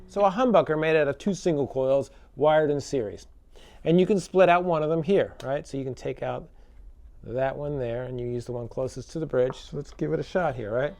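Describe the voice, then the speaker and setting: With a slightly high voice, a bit of vocal fry, and a somewhat fast pace, a laid-back man demos a guitar in a casual product talk. He's loose, relaxed, and chatty, packing in fillers and tag questions while electric guitar plays behind him.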